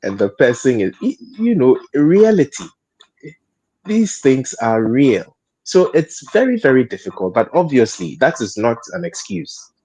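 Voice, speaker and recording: A man's voice: mid-range voice, sing-song, a little slow, darkish tone, breathy edge. A man speaking as a panel guest in a studio discussion, hesitant, repeating words and laughing often.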